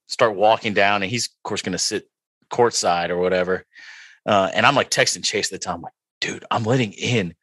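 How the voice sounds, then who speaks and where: Speaking low, a young man co-hosting a casual sports podcast spins a long story at his own expense, packed with filler words. His telling is rambling and self-mocking, livening up whenever he quotes someone, and there's no room sound.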